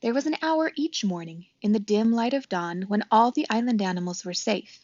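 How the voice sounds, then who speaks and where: A woman reads a children's storybook aloud in a gentle, clear manner, at a middle pitch. The recording is dry and a little dull. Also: lively intonation, normal speed, no echo. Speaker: storybook reader. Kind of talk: reading a children's book aloud.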